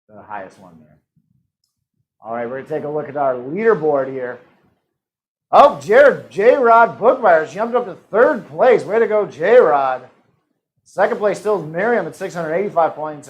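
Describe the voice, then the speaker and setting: A man's voice: fairly high pitch, poor audio. A man hosting a live-streamed trivia game in a casual, joking manner. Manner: upbeat, joking asides and quick laughs. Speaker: trivia host.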